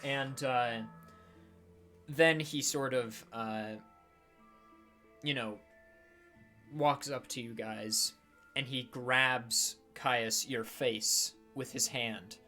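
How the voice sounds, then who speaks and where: A man running a tabletop game, narrating in a loose, casual manner with plenty of fillers. His voice sits at a middle pitch, and faint music plays underneath. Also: fairly even intonation, very slow, pauses often, sharp tone. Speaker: game master.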